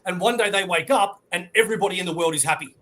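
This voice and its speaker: A man chatting casually on an online hangout show, animated and acting out quotes as he retells a show. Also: sits high, rapid-fire. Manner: animated storyteller, acts out quotes.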